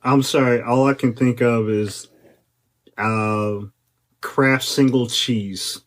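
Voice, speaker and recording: A man from near Chicago co-hosting a podcast with a Chicago accent, quick and joking in casual chat. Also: medium pitch, steady tone. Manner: joking, quick, self-deprecating. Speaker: podcast co-host.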